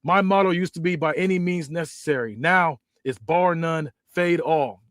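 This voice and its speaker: A man's voice: on the high side, normal speed, fairly bright tone, no room sound, clean studio sound, natural voice. A man voicing a bitter, vengeful male wrestler in a grim, intense delivery.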